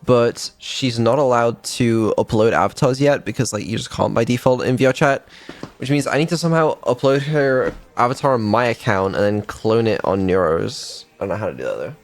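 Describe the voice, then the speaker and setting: A man's voice: mid-range voice, fairly quick. A man, a developer and streamer, chatting casually on a live dev stream, laid-back and mumbling, with ums and the odd swear.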